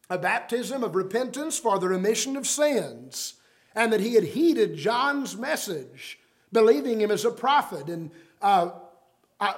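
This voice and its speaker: A man with a high voice delivers a sermon. He speaks earnestly and leans hard on key words. He quotes scripture at length. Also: fairly bright tone. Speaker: preacher.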